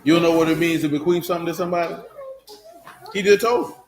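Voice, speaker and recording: A man's voice: on the high side, fairly even intonation, fast talker, slight background noise. A man leading a Bible study, teaching loosely and breaking into teasing, joking asides. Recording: echoey room.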